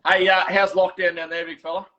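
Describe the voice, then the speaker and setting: A fairly high-voiced Australian man chats and spins stories as the host of a relaxed workshop catch-up. He restarts his sentences often and laughs easily. The sound is dull and lo-fi, like a video call. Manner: chatty storyteller, quick and laughing, many restarts. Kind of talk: casual chat. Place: home workshop.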